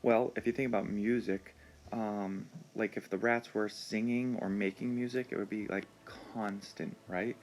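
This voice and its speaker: A man teaching a reading lesson, explaining words slowly and patiently with frequent pauses and ums. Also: on the low side, steady tone, darkish tone, slight background noise.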